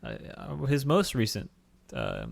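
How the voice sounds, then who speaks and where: A man's voice: medium pitch, huge pitch swings, a little slow, gravelly, no echo. A man co-hosting a casual film-review podcast, rambling with fillers and laughing often. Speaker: podcast co-host.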